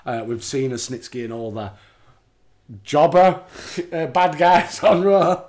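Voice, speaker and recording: A man chats loosely about wrestling. He laughs a lot and reads through lists in a fairly high voice. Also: lively intonation, slow, darkish tone. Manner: laughs often, reads out rankings. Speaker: podcast host. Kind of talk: casual chat and wrestling recap.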